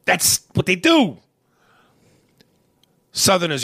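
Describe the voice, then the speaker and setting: Animated gravelly New host. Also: male voice, high-pitched, takes it slowly, long pauses, no echo, studio quality. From New York. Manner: animated, mimics accents, repeats words. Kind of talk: casual comedic podcast chat.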